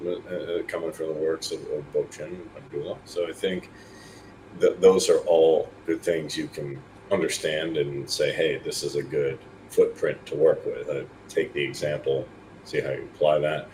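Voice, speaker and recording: A man's voice: rumbling low, little pitch movement, normal speed, a little mellow, a little hiss or hum, rough recording. A man talking casually as a podcast co-host, rambling through lists of examples over an online voice call. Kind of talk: casual discussion.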